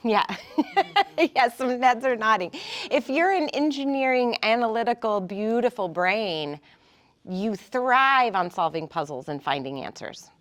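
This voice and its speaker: A woman's voice: a little high, measured pace. A woman speaking casually to a small group in a room, coaching them and often checking in with "right?". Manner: animated, warm coaching, frequent "right?". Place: indoor room with an audience.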